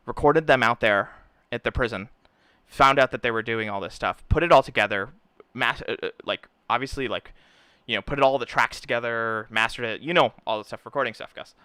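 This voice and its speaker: Telling stories with lots of "dude" and "right?", this man co-hosts a laid-back chat in an animated way. His medium-pitched voice moves fairly quickly and sounds clear and resonant, with no room sound.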